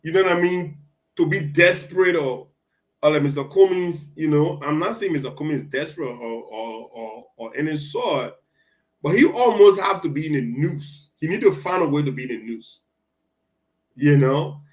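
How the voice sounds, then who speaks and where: A man co-hosting a casual political talk show, talking in halting bursts with many restarts. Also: fairly high pitch, animated, low-quality recording.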